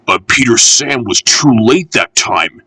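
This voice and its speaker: Slow, expressive male storyteller. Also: mid-range voice, husky, no echo. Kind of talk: children's storybook reading.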